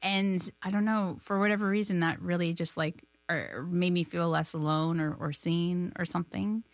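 Chatty woman with a low voice. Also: steady tone, normal speed, dry recording. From Canada. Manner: chatty and self-deprecating, laughs often. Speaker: filmmaker guest. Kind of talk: casual interview chat.

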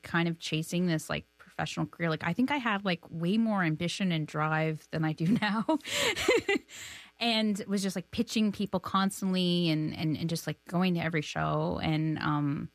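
A woman in her thirties from Canada chats as an interview guest, quick to laugh at herself. Her voice sits on the low side, and the studio sound is dry and close. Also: no room sound. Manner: chatty and self-deprecating, laughs often. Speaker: filmmaker guest. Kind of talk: casual interview chat.

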